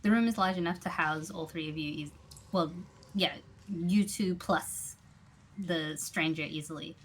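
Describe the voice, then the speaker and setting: A woman narrating a tabletop game as game master, relaxed and hesitant, with many fillers. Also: on the low side, unhurried, a little hiss or hum.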